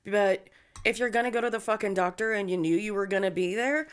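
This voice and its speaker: A woman's voice: medium pitch, brisk, smooth. A woman co-hosting a podcast, telling stories in a blunt, casual way and swearing freely. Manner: profane, blunt storyteller. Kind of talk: casual storytelling chat.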